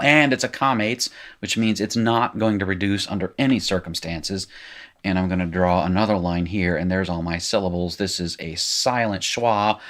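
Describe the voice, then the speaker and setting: A middle-aged man teaching biblical Hebrew, working through exercises in a loose, self-correcting way while writing. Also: lowish voice. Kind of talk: informal recorded lecture, working exercises.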